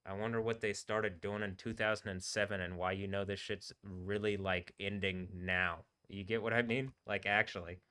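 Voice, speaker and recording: A man streaming live, rambling casually in a halting way and trailing off mid-word. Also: on the low side, fairly even intonation, sharp tone, clean tone. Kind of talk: casual rambling livestream talk.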